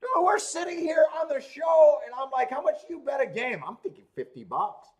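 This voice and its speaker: Animated man hosting a racing stream. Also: very high voice, crowd noise. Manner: animated, swearing, laughing, fast rambling with restarts. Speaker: host of a horse racing betting livestream. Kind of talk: casual livestream chat.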